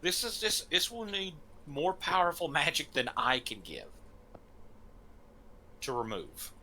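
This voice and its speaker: A man's voice: on the high side, sing-song, measured pace, bright, forceful tone, slight background noise, voice pushed up, full character voice. A man voicing a stern older female priestess who scolds a wayward young man. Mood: scolding. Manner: scolding, indignant.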